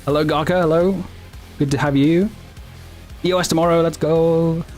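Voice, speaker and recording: A man's voice: on the high side, fairly even intonation, moderate pace, darkish tone, soft background music. A man streaming casually, chatting with viewers in a rambling, self-correcting way and laughing often. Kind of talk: casual livestream chat, answering viewers.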